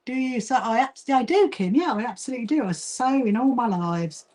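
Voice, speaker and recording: A woman's voice: a little high, animated, fairly quick, darkish tone. A woman with a southern English accent hosting a casual sewing livestream, chatting to viewers while she works. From England. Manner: chatty, greets viewers, talks while working, frequent restarts. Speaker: livestream host and quilting association founder.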